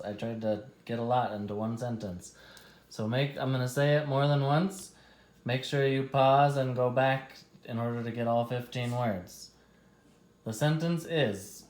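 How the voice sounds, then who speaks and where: A male teacher reads out a spelling test at an unhurried, careful pace. His voice sits in a middle register and carries a noticeable echo from the room around him. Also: medium pitch, steady tone, darkish tone. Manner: slow, deliberate, stretches out test words.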